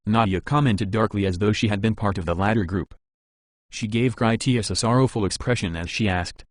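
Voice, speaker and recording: A male narrator reads an action audiobook in a measured, even style. His voice sits on the low side and the recording is dry and close. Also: no room sound. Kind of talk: scripted narration.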